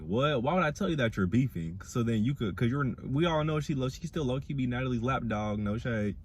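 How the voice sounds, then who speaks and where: A young man with a Black dialect, giving a sassy, animated casual review of a reality show. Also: normal speed, a little hiss or hum. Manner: animated, sassy, mimics cast members in high voices. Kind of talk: casual commentary.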